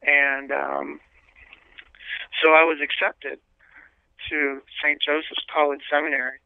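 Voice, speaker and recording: A man, a priest, earnestly telling his life story as an interview guest, pausing often with fillers and restarts. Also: on the high side, flat delivery, gravelly, clean tone, no room sound. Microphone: telephone. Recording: tinny dry phone line.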